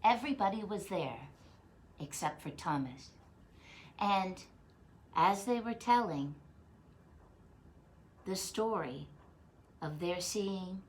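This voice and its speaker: A woman teaching children, telling a Bible story in an expressive way and asking the listeners questions as she goes. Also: lowish voice, slight background noise.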